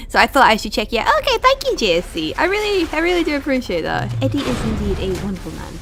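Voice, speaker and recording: In casual live-stream commentary, a young woman plays a video game and chats with viewers, swearing and venting in frustrated outbursts. Her medium-pitched voice moves quickly, with big pitch swings and vocal fry, over background noise.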